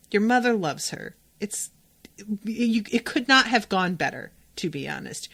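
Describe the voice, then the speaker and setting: A woman's voice: mid-range voice, a bit bright. A woman hosting a casual podcast recaps an episode in an easy, chatty voice. She is opinionated and often breaks off to speak straight to the characters. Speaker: podcast host.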